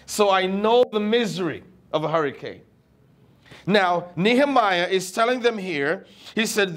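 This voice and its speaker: A middle-aged man preaching in a high voice. He speaks slowly and deliberately, repeating phrases for emphasis as he works through a scripture passage. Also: animated, fairly bright tone. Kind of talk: sermon.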